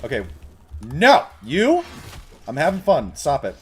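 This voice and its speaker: A man giving live, excitable commentary while playing a video game, laughing and shouting commands to a pet. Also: on the high side, unhurried, slightly rough. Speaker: game streamer.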